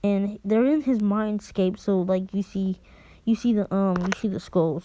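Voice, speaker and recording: A woman's voice: mid-range voice, unhurried, warm tone. A woman casually retelling a fan story, rambling and hesitant with many restarts.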